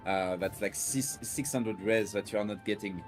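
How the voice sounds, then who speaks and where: A man casting a live esports match, speaking with frequent filler hesitations and animated bursts. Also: lowish voice, moderate pace, soft background music. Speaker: esports caster. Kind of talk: live game commentary.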